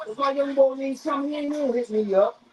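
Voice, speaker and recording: A man's voice: extremely high pitch, racing, rough recording. A man streaming live craps and rambling in profane, restart-heavy casual chat. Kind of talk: casual chat while gambling.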